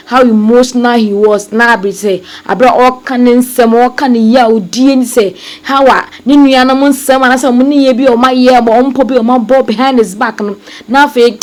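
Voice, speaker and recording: Ghanaian woman addressing her viewers, fairly high. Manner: addresses viewers as family, mixes languages. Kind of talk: commentary to viewers.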